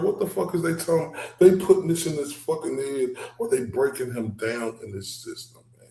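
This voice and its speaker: A man's voice: mid-range voice, steady tone, normal speed, gravelly, warm tone. Man hosting reaction commentary, blunt and profane, roomy echo around the voice. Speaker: commentary channel host.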